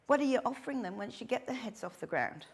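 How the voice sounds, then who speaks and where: A woman's voice: a little high, quick pace, creaky, breathy edge. A middle-aged woman giving a chatty workshop talk to dog training instructors. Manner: chatty, animated, acts out little quotes.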